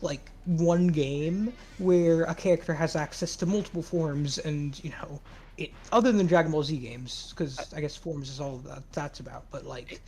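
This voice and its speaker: A man's voice: a little high, steady tone, normal speed, darkish tone. Rambling, argumentative young man on stream. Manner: rambling, argumentative, full of restarts and fillers. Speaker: co-host in a game modding discussion. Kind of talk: casual stream discussion.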